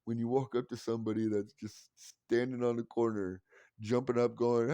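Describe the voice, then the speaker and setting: A man's voice: medium pitch, flat delivery, normal speed, mellow, clear, resonant tone, no echo. A man in his forties telling rambling, wry stories in a casual monologue, with frequent swearing. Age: 40s. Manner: rambling, profane, wry self-mocking. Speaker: vlogger.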